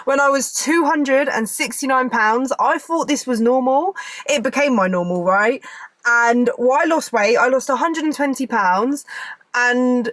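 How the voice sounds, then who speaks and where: A woman's voice: sits high, a little slow, a bit bright, no room sound. Woman in her thirties, chatty rambling vlog talk, dry close sound inside a car. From England. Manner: chatty, rambling, many fillers. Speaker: vlogger. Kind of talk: casual chat to camera.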